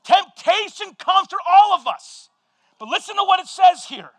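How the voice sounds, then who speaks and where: A middle-aged male pastor giving a sermon, telling a story with lively energy and shouting at the high points. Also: no room sound. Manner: animated storytelling, shouting at peaks, quick asides.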